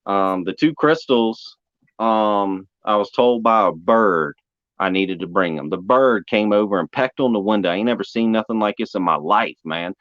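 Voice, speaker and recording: Low-voiced man telling a story. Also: normal speed, a bit bright, dry recording. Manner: folksy, repeats "man" and "brother". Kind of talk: casual storytelling. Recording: dull muffled sound.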